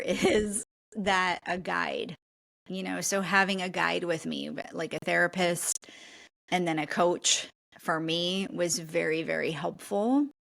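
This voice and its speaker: A woman's voice: lowish voice, gravelly, a bit bright. A woman guest on a podcast, speaking earnestly and reflectively as an intuitive coach, often checking in with "right?". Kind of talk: conversational podcast interview.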